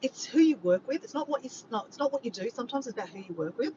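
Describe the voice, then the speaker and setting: Aussie woman chatting on a live stream, jokey and rambling, bit dull lo-fi sound with a low rumble behind. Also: lively intonation, very fast, warm tone. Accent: Australian. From Australia. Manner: chatty, joking, reads chat messages aloud. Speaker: livestream host. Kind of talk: casual livestream chat.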